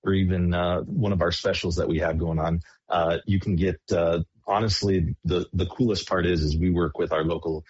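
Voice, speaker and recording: Casting: low, husky-voiced man, track promoter calling in, halting and full of "uh"s, dull phone sound. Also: fairly even intonation, a little mellow, no echo. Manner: hesitant, many fillers and restarts. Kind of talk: phone-in radio interview. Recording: dull phone-line hotline audio.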